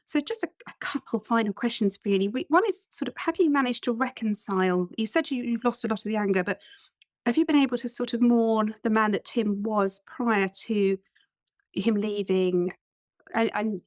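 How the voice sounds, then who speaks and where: A woman's voice: a little high, moderate pace, no echo. Chatty woman host, dry close mic. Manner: warm, reflective, chatty, self-deprecating. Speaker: podcast host. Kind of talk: empathetic interview chat.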